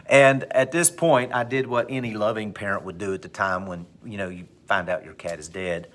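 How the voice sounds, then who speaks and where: A male teacher telling a personal anecdote to his class, with big animated swings in pitch and pace. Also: moderate pace, hardly any pauses. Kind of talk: storytelling in class.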